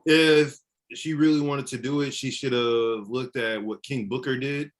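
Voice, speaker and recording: A man's voice: mid-range voice, steady tone, a little slow. A man co-hosting a casual wrestling podcast who jokes around and swears, then laughs at himself. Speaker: podcast co-host.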